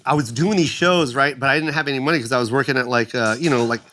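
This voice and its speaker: Man, casual podcast storytelling, animated, fillers and restarts, mid pitch. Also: fast. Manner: animated storyteller, acts out quoted people in raised voices; fillers and restarts, frequent "right?". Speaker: comedian guest telling a story.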